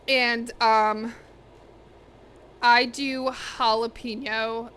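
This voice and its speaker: Bright-voiced woman chatting while cooking. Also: on the high side, flat delivery, extremely slow, a little hiss or hum. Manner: chatty, talks to chat and to her pets. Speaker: cooking streamer. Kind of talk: casual livestream chat while cooking. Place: home kitchen.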